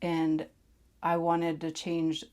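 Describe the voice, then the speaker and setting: A woman candidly recounting a personal experience to camera, blunt and profane, sometimes dropping into a hush. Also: low voice, completely flat delivery, slow. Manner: blunt and profane, drops into hushed tones. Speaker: vlogger sharing her past.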